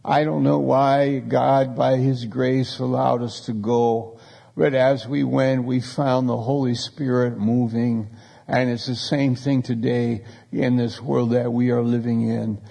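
Gravelly-voiced male preacher in a reverberant hall. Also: mid-range voice, little pitch movement, unhurried, warm tone. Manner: storytelling, conversational preaching with acted quotes. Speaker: pastor. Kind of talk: sermon.

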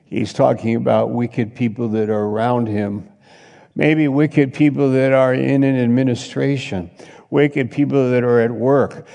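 A man preaching a sermon as a pastor, slow and halting with frequent restarts. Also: medium pitch, creaky, dark tone, long reverb tail.

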